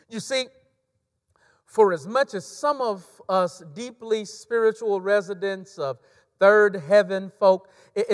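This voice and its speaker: A man preaching a sermon as a pastor, emphatic and repeating key phrases, swinging between loud stresses and hushed drops. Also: high-pitched. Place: church sanctuary. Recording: long church reverb.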